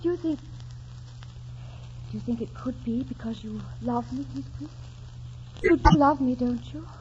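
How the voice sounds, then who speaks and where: An actress playing Kathy, a wild, spirited young woman, with a bright, breathless, impetuous voice in 1940s radio acting. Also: sits high, a little slow, a little hiss or hum. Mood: romantic. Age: young adult. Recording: dull lo-fi 1940s radio recording.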